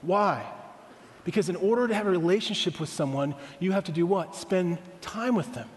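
A man with a high voice preaches as pastor, keeping it conversational and tossing rhetorical questions to the congregation. His words ring out with a long echo around a large hall. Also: moderate pace. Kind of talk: sermon.

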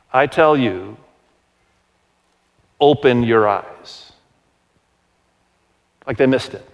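A man in his forties preaching a sermon to his congregation, telling stories in a conversational, animated way and asking the crowd questions. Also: medium pitch. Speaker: pastor. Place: large church auditorium. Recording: long hall reverb.

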